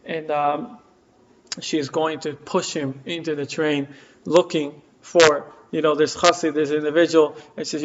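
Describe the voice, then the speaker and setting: A man's voice: fairly high pitch, level tone, a little slow, slight background noise. Hesitant man telling a story to a class. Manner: hesitant, many fillers, acts out quotes. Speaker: class teacher. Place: community center classroom. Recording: dull lo-fi room recording.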